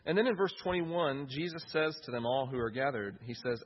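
A man's voice: medium pitch, lively intonation, brisk, slightly rough, lo-fi sound. A man preaching a sermon in an earnest way, often repeating key phrases for emphasis.

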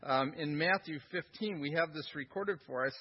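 A high, husky-voiced man delivers a sermon from the pulpit. He is earnest and stacks repeated words to drive points home. The recording sounds dull and lo-fi. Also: moderate pace. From United States. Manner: earnest, repeats phrases for emphasis. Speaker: pastor.

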